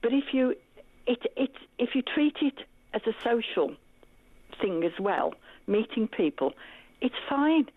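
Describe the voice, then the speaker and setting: A middle-aged mother calling into a radio show, talking in a calm, chatty way. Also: on the high side, measured pace, long pauses, dry recording. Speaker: caller. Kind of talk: phone-in call. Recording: tinny dry phone line.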